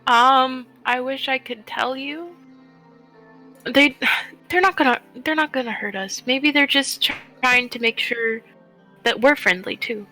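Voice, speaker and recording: A woman's voice: high voice, unhurried, bright, forceful tone, soft background music, poor audio. A woman playing a tabletop game, talking cheerfully in character and out. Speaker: player.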